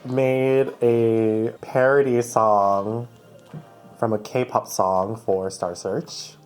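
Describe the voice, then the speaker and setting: A man's voice: lowish voice, very slow, soft background music. A man chatting as a gossipy guest co-host. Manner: animated and gossipy, lots of likes. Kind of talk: casual recap chat.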